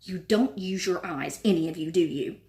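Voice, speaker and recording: A woman's voice: medium pitch, animated, moderate pace, lightly acted. A woman voicing a bossy, clever schoolgirl who lectures and snaps. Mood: impatient. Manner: snappish, lecturing.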